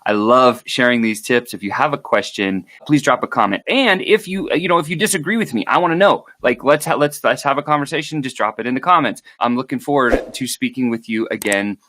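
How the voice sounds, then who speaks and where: Sales coach, man, mid-pitch, punchy motivational delivery, dry close sound. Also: fairly quick, few pauses, no room sound. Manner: energetic, emphatic and motivational, acting out sample calls. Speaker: sales trainer. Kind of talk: direct-to-camera sales coaching.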